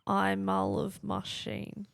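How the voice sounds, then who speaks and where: A woman's voice: medium pitch, monotone, takes it slowly, vocal fry, no room sound, studio quality. A woman playing a podcast word game, hesitant and laughing as she thinks her guesses aloud. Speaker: game contestant. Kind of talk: casual podcast banter.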